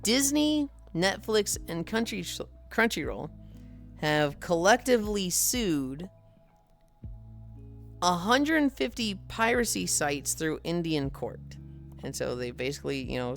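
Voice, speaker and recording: A woman's voice: low voice, expressive, a little slow, vocal fry, faint music behind. A woman streamer chatting casually with viewers, swearing freely and laughing often.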